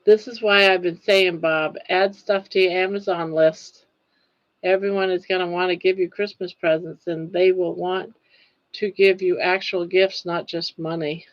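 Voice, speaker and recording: A woman's voice: lowish voice, steady tone, measured pace, no room sound, highs cut off. An older woman hosting a casual livestream, chatting, reading viewer comments aloud, laughing often and sounding touched. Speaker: livestream host.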